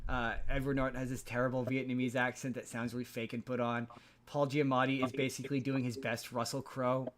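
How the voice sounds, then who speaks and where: A man's voice: medium pitch, little pitch movement, a little fast. A man hosting a podcast, recapping a movie plot in a loose, rambling way with many restarts. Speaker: podcast host.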